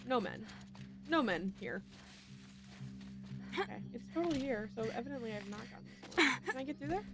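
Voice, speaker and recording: A woman's voice: on the high side, lively intonation, fairly quick, over music. A woman streaming a video game in a casual chat, talking to herself and laughing at her own slips.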